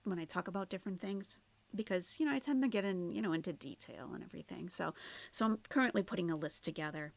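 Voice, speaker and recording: A woman's voice: fairly low pitch, fast talker, creaky. A woman doing casual live-stream commentary, chatty and trailing off, sometimes dropping to near-whispers. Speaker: commentary streamer reacting to a video.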